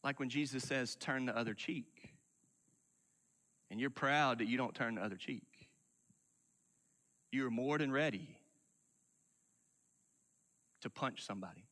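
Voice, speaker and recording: A man preaching a sermon, emphatic, dropping from loud declarations to hushed asides. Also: mid-range voice, a little slow, pauses often, long reverb tail. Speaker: pastor.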